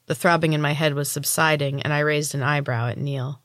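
A woman narrating a story in the first person, in an even, measured reading as a podcast host. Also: deep voice, no room sound, clean studio sound.

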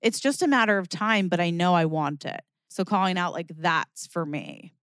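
A young adult woman hosting her own podcast, talking candidly and expressively in a casual solo monologue, from lively bursts to quiet reflection. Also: on the low side, moderate pace, clear, resonant tone, dry recording, studio quality. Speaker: podcast host.

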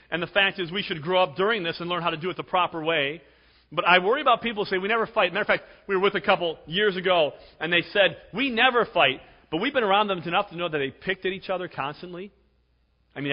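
A man in his forties preaching a sermon as pastor, chatty and jokey, often tagging "right?". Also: a little high. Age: 40s. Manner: conversational, jokey, repeats "right?". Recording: dull sound with long hall reverb.

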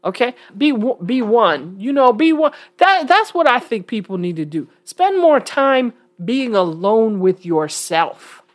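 A woman vlogger from New York talks casually to camera for her viewers, blunt and emphatic with frequent chuckles. Her fairly high voice is very animated and unhurried, with hardly any pauses.

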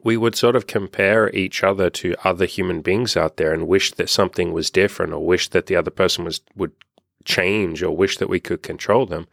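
A young man with a low, gravelly voice talks in a casual, candid monologue as a life coach, swearing freely. The sound is close and dry, with no room around it. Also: fairly even intonation, fairly quick, no echo. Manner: candid, frank and profane.

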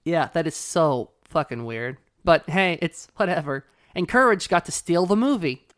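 Casual swearing podcast co-host, smooth voice. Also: mid-range voice, moderate pace. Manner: chatty, casual, profane, lively storytelling. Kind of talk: casual podcast chat recapping a cartoon.

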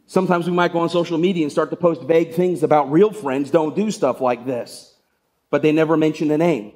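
A man's voice: on the high side, brisk, a little mellow. Conversational male pastor preaching. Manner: conversational storytelling with rhetorical questions. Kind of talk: sermon.

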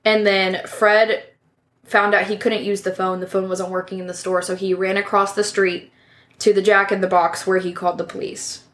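A woman's voice: medium pitch, flat delivery, normal speed, a bit bright. A woman hosting a true crime podcast, reading a case from notes in a casual way with asides and self-corrections.

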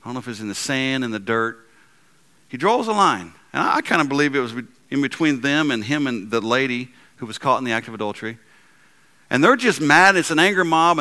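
Preaching briskly and with animation, this pastor delivers his sermon with frequent repeats and restarts, shifting from booming, emphatic lines down to quiet, gentle ones.

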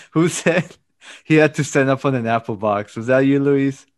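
A male podcast host with a middle-pitched voice chats loosely with friends. He swears freely and laughs often, keeping the talk easygoing. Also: a little slow. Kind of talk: casual chat.

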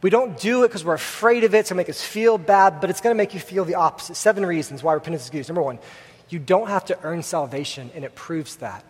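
A man's voice: high voice, quick pace, slightly rough. A young man preaching a sermon in a church, telling a story casually with many fillers. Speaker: pastor. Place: church hall with congregation. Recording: long hall reverb.

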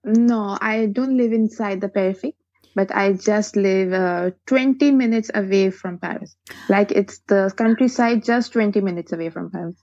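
A woman's voice: mid-range voice, normal speed, dark tone, no room sound. Woman, Pakistani accent, podcast guest; hesitant, restarts a lot, dull and dry line. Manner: hesitant, restarts phrases, frequent "like". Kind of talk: casual interview chat.

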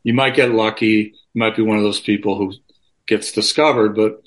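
Calling in remotely from his home, this musician gives an interview full of swearing and candor, frequently starting his sentences over as he rambles. He speaks at a moderate pace in a lowish voice with fairly even intonation.

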